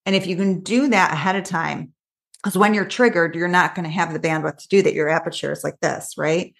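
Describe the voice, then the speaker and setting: A woman coach talks in a casual interview, her voice sitting a little low. She tells stories in an animated, quick way, full of asides. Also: gravelly. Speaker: coach, podcast guest.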